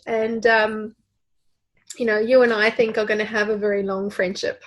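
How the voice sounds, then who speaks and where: A woman's voice: a little high, level tone, moderate pace, fairly bright tone. A woman hosting an interview podcast from Sydney, gushing and effusive with thanks to her guest over a video call. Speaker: podcast host.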